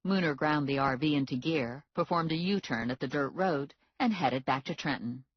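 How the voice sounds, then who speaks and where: A woman reading a first-person novel aloud in a wry, expressive way. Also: sits low, moderate pace, hardly any pauses, husky, dry recording, lo-fi sound. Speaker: audiobook narrator. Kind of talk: scripted first-person narration.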